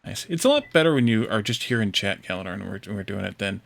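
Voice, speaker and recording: A man's voice: lowish voice, animated, creaky. A man hosting a game stream, talking easily with friends over voice chat and often restarting his sentences. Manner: easygoing, chatty, with halting restarts. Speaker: host streamer. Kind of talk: casual voice chat while gaming. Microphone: voice chat mic.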